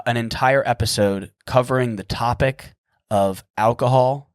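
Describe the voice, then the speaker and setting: Man, 30s, solo podcast host; smooth, clear voice recorded dry; goofy, rambling, sarcastic edge. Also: mid-range voice, no echo.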